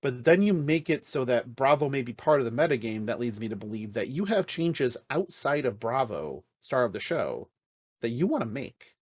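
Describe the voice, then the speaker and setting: A man's voice: medium pitch, very animated, moderate pace, no echo, studio quality. Blunt, profane man ranting on a podcast. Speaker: podcast co-host. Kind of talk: casual chat.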